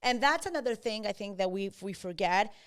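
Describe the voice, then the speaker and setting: A woman real estate agent hosting a casual podcast chat, mixing English with Spanish and acting out clients in quick quotes. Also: medium pitch, smooth. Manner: switches between English and Spanish; animated, acts out buyers and agents in quotes.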